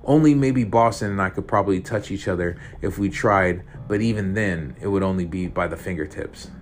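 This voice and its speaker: A man's voice: low-pitched, a little fast, a little hiss or hum. A man narrating a first-person horror story, tense and profane.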